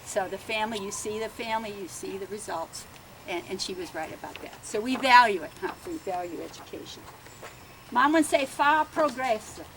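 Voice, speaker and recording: An older woman from Bellevue, Pennsylvania, speaks for the family at a land dedication, telling stories outdoors at a garden ceremony. Her medium-pitched, fairly bright voice moves fairly quickly as she chats and laughs, often ending sentences with "huh?" The low-quality recording carries a little hiss or hum.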